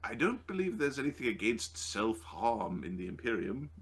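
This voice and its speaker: A man's voice: medium pitch, big pitch swings, normal speed, few pauses, a bit bright. A man playing a tabletop game, chatting casually and joking with lots of laughter. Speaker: player.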